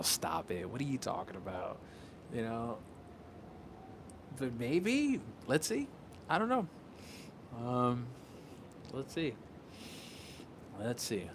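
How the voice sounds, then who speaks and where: A man's voice: mid-range voice, slight background noise. A man from Puerto Rico chatting casually on a livestream as a content creator, rambling, restarting and swearing often.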